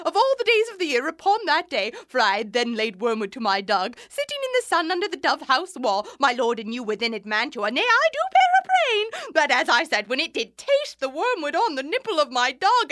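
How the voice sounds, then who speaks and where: A woman's voice: high-pitched, a bit bright, no echo, clean studio sound. A woman playing a garrulous, bawdy old nurse in Shakespearean stage acting, laughing and rambling. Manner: garrulous, laughing, wildly swooping delivery.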